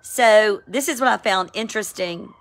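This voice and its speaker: A woman, giving a casual, emphatic spoken devotional, with sudden excited high cries. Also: moderate pace. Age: 50s. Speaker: Christian devotional vlogger. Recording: home, with a siren outside.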